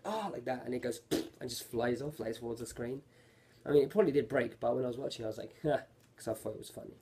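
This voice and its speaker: Reviewing an anime episode, this man rambles casually, using lots of filler words and frequently fixing himself partway through sentences. His voice is medium-pitched and warm, with a bit of noise in the background.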